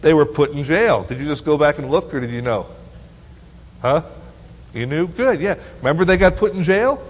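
A man teaching a Bible lesson to teens, reading verses aloud and quizzing his listeners with playful questions. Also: fairly high pitch. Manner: asks the audience questions, teasing and lively. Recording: long hall reverb.

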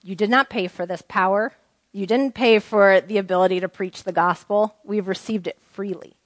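A woman's voice: medium pitch, fairly even intonation, moderate pace, no echo. A woman leads an informal Bible study, talking casually with her group and reading passages aloud. Her voice sits in a middle range for a woman. It sounds dry and close, with no room around it. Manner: conversational, asks the group questions, reads scripture aloud. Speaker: Bible teacher.

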